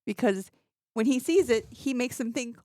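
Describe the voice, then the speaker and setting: A woman's voice: fairly high pitch, expressive, normal speed, warm tone, no room sound, studio quality. A woman chatting on a podcast as a guest, explaining things in a chatty way. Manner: chatty, explains with quoted voices. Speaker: reptile expo guest. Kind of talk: casual podcast chat.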